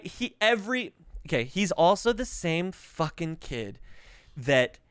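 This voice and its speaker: Coughing through a bout of covid, a thirtysomething man hosts a podcast full of casual, foul-mouthed storytelling played for laughs. His clean-toned voice sits high, captured in studio quality with no echo. He's lively and mimics other people's voices in quotes.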